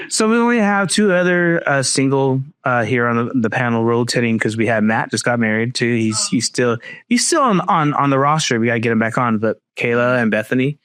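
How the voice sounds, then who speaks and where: A man's voice: mid-range voice, a bit bright, raised voice. A man hosting a casual panel podcast, teasing his guests and often laughing. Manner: playful, teasing, quick to laugh. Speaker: podcast host.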